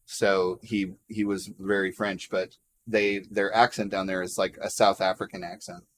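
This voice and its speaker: A man's voice: deep voice, flat delivery, moderate pace, a little hiss or hum. A man hosting a casual livestream chat, joking around, laughing often and reading out viewer comments. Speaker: livestream host.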